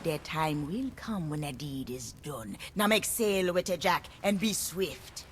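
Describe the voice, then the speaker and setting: A mysterious female oracle from a game, speaking in a hushed, prophetic tone. Her words come slowly with a lower pitch. A faint noise lies under her lines. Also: expressive. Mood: solemn. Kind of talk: game character dialogue.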